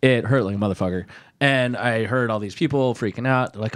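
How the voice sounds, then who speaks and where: A man's voice: medium pitch, fairly quick, smooth, no room sound, studio quality. A man telling a rambling story on a podcast, laughing often and swearing as he talks. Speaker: guest storyteller.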